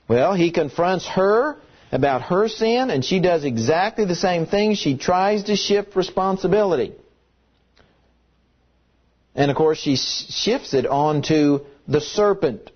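A man delivers a Sunday-evening-style sermon with a slightly high voice. He leans hard on single words and repeats them for emphasis, and the recording sounds dull and lo-fi. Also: expressive, unhurried. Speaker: pastor.

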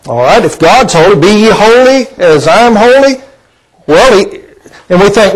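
A man delivers a sermon in a slightly high-pitched voice. His preaching is conversational and folksy, with ums and restarts, and he keeps turning to his listeners with rhetorical questions. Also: animated, normal speed, low-quality recording. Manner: asks the congregation rhetorical questions.

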